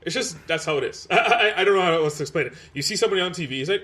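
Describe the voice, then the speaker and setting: A man's voice: sits high, lively intonation, very fast, sharp tone, slightly rough. A man co-hosting a casual podcast, jumping in often and laughing a lot. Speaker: podcast co-host. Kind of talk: casual chat.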